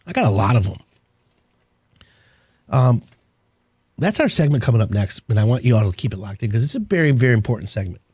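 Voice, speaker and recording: Male talk-radio host with a warm, slightly husky voice, rambling and upbeat. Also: medium pitch, very animated, fairly quick, pauses often, no room sound. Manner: rambling, enthusiastic salesman patter. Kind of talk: casual on-air talk.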